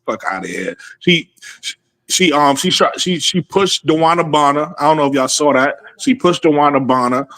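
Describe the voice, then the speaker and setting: A man's voice: on the high side, fairly even intonation, normal speed, a bit bright, no room sound. A man joining a casual sports livestream as a guest, talking emphatically and stumbling over repeated words. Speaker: guest panelist.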